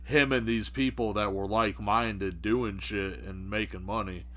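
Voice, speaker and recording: Low-voiced man, hedging podcast chat. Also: steady tone, a crowd in the background. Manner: halting, profane, hedging.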